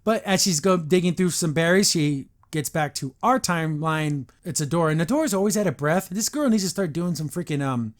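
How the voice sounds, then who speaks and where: Reviewing an episode on his podcast, a man talks briskly with few pauses, his voice sitting a touch high. His casual, opinion-heavy commentary is regularly interrupted by animated character voices before he picks the thread back up.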